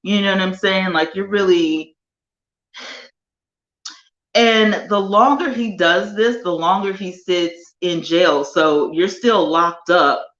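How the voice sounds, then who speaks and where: A woman's voice: fairly low pitch, muffled recording. Chatty woman live-streaming from a roomy sunroom. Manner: animated, chatty, drawn-out emphasis. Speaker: livestream host. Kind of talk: casual live chat with viewers. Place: home sunroom.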